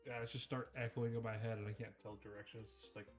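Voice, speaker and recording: A man's voice: lowish voice, flat delivery, fast, faint music behind. A man playing a tabletop game as a player, blunt and jokey, swearing now and then.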